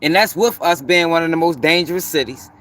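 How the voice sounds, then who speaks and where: A man's voice: a little high, a little fast, a bit bright. Profane, emphatic man ranting. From Baltimore. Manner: profane, emphatic, repeats points for stress. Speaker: commentary channel host. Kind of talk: heated commentary rant.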